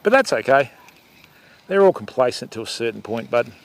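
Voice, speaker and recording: A man's voice: mid-range voice, very animated, moderate pace. A middle-aged Australian man hosting a fishing livestream outdoors, chatting casually with viewers and calling them mate. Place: outdoors by the water.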